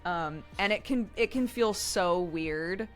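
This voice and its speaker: Chatty woman streamer, lowish voice. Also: takes it slowly, soft background music. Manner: chatty, laughs often, warm storytelling. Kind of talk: casual chat on stream.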